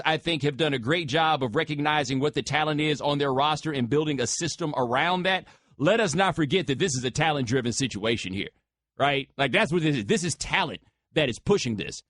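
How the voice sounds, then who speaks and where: Brisk sports radio host, dry studio sound. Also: male voice, fairly high pitch, a bit bright, no room sound. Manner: casual, slangy, talks straight to callers. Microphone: studio microphone.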